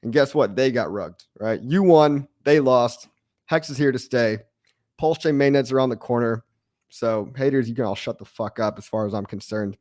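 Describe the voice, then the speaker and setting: A brash, excitable man hosting a live crypto stream, hyping up his viewers and jeering at critics. His voice sits at a middle pitch and sounds close and dry, with little room sound around it. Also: normal speed, no room sound. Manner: excitable, brash, mocking haters, repeats lines. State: out of breath. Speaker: crypto livestream host.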